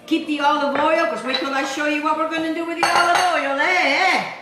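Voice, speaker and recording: In her home kitchen, a woman with an Italian accent gives a casual cooking demonstration, playfully chatting with viewers while she cooks. She speaks fairly quickly in a high, steady voice, and the room echoes.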